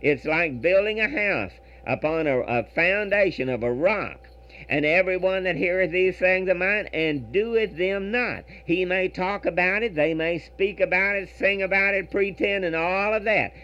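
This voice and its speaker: A man preaching a radio sermon, earnest, reading scripture and verse in a measured rhythm and often repeating words. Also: high voice, pushed and bright, muffled recording.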